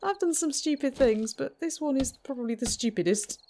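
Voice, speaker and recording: A woman's voice: high-pitched, animated, brisk, warm tone, a little hiss or hum. A woman hosting a let's play, commenting on her own game in a chatty, self-mocking way with frequent giggles. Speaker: gaming channel host.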